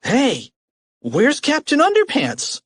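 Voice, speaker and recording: A man voicing a quick-thinking, bossy young schoolboy in a storybook, high and urgent. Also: wildly swooping pitch, a bit bright, faint music behind, exaggerated voice. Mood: eager. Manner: high-pitched, urgent commands.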